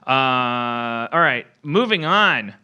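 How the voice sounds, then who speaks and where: A man's voice: medium pitch, animated, extremely slow, pushed and bright, clear, resonant tone. A man hosting a comedy podcast, ranting in exasperation with stammering restarts. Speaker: podcast host. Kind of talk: casual comedy chat.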